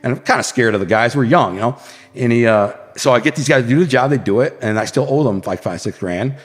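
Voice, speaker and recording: A man's voice: medium pitch, animated, quick pace, big-room sound. A man from Detroit, a podcast guest, telling blunt, profane street stories in a casual interview and acting out what people said. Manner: blunt, profane street storyteller who acts out quotes.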